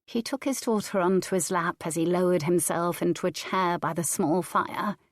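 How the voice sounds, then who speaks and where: A woman reading a historical romance audiobook aloud in a measured storytelling manner. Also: lowish voice, steady tone, dry recording, studio quality. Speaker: audiobook narrator. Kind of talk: scripted audiobook narration.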